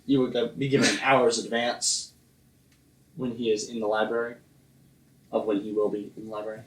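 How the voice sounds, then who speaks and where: A man's voice: lowish voice, flat delivery, fairly quick. Rambling male game master, echoey room. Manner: rambling, filler-heavy narration. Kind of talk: narrating a tabletop game. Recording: echoey room, far from mic.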